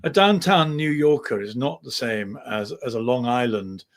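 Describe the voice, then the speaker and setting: A man's voice: medium pitch, normal speed. A man with a Received Pronunciation accent, co-hosting a casual chat with dry, self-mocking humour. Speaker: co-host.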